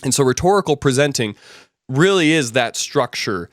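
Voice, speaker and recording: A man teaching a business presenting class, telling a story in a relaxed conversational way, with many fillers and restarts. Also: mid-range voice, normal speed, no echo, clean studio sound. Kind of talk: casual classroom lecture with anecdotes.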